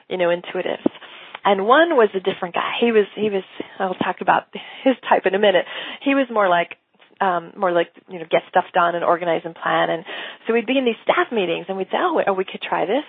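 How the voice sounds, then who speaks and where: Husky-voiced woman coach, tinny sound. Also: mid-range voice, no echo. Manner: animated, acts out quoted dialogue, laughs often. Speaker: business coach. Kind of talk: casual teaching monologue.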